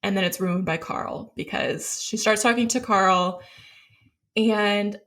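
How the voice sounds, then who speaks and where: A woman co-hosting a pop culture podcast, recapping a reality show in a lively casual chat. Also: mid-range voice, slow. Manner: animated recapping, acts out quoted people. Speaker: podcast co-host.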